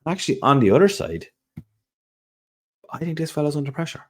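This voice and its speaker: A man's voice: fairly high pitch, very animated, fairly quick. A man co-hosting a podcast, rambling chattily with plenty of asides and fillers. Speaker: podcast co-host. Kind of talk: casual chat.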